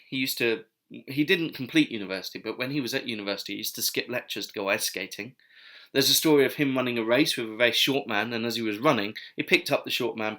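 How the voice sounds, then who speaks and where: A man's voice: mid-range voice, sharp tone. A man giving casual, digressive history commentary with wry asides. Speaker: video essayist.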